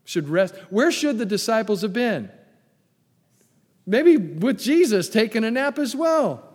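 A man's voice: high voice, very animated, measured pace, darkish tone, long reverb tail. A man preaching a sermon as pastor, emphatic, repeating key phrases and putting questions to the congregation.

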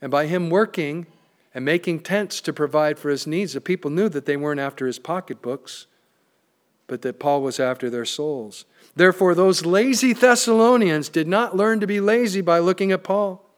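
A pastor preaching a sermon, emphatic and plain-spoken, with joking asides. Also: male voice, on the high side, moderate pace.

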